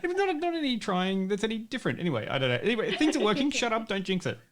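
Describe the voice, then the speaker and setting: A man's voice: sits high, sing-song, quick pace, a crowd in the background. A man co-hosting a podcast in casual chat, rambling and self-mocking, swearing freely. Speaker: podcast co-host. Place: home setup, live streamed.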